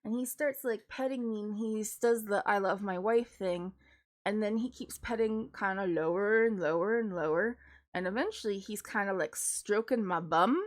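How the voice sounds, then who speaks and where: A woman's voice: medium pitch, moderate pace. A woman streaming from home, chatting casually with lots of "like" fillers and ready laughter. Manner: chatty, with frequent 'like' fillers; laughs readily while telling stories. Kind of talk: casual chat.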